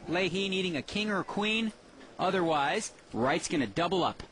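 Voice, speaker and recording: A man's voice: sits high, expressive, moderate pace, fairly bright tone. A man giving TV poker commentary, explaining the strategy behind each hand.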